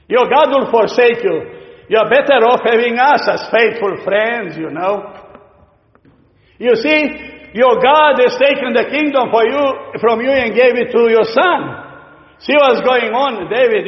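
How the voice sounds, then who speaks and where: A man's voice: very high voice, lively intonation, unhurried, voice pushed up. A man voicing mocking enemies taunting a king in an insistent manner. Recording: echoey hall, dull lo-fi sound.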